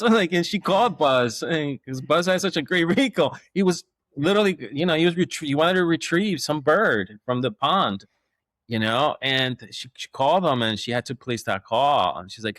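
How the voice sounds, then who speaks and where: A man, a dog trainer, telling stories in a rambling, animated way with many restarts and acted-out quotes. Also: a little high, normal speed, dry recording, clean studio sound. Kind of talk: casual storytelling.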